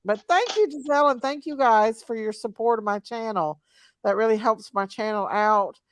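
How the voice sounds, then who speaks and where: A woman's voice: a little high, normal speed, slight background noise. A woman hosting a casual late-night livestream chat, chatty and laughing often, with a drawling country way of talking. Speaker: channel host.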